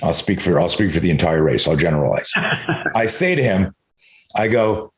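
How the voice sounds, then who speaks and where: A man's voice: sits low, expressive, moderate pace. A middle-aged man, a self-defense expert, telling a candid personal story as a podcast guest, swearing freely and acting out his own inner dialogue. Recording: echoey room.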